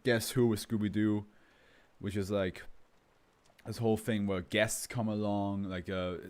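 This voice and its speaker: A man's voice: fairly low pitch, flat delivery, a little slow, a little mellow, clear, resonant tone. A man talking in a loose, rambling way, full of fillers and laughs, then reading a document aloud as a streamer. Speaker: host reading to a live stream. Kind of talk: casual chat and reading aloud.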